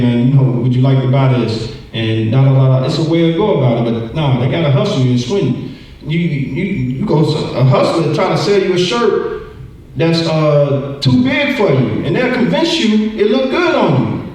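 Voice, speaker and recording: A man in his forties teaching a Bible lesson in an animated way, acting out quoted voices and repeating words. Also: fairly high pitch, normal speed. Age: 40s. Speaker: church teacher. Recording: echoey room from far off.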